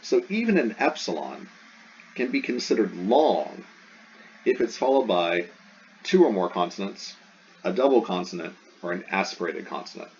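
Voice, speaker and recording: A man's voice: low-pitched, very animated, moderate pace, a little mellow, slight background noise. A man teaching a recorded lesson, explaining step by step and repeating sounds aloud. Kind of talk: recorded classroom lecture. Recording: dull lo-fi sound.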